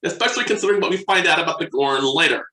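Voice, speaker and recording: A bright, fairly high man's voice with a roomy echo around it. He chats eagerly, working from his notes and trailing off as he searches for the next point. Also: lively intonation, rapid-fire. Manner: enthusiastic, checks his notes, trails off mid-thought. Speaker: podcast co-host. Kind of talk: casual chat.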